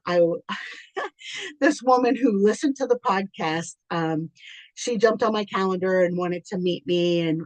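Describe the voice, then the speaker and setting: Chatty lower-voiced woman, dry close sound. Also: no echo. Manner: chatty and warm-hearted, full of ums, quick to laugh at herself; tearful and moved toward the end. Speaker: business coach and podcast host. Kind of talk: unscripted heartfelt thank-you talk.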